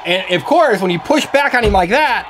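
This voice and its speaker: A woman's voice: medium pitch, animated, a little fast, slight background noise. A woman hosting a toy review, playfully coaxing a child and talking to viewers at home. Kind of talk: toy demo for kids on camera.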